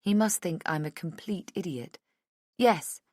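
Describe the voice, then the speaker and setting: A woman with a low voice reads a first-person thriller audiobook. Her reading is measured and intimate, and the recording is close and dry with no room sound. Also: no room sound. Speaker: audiobook narrator.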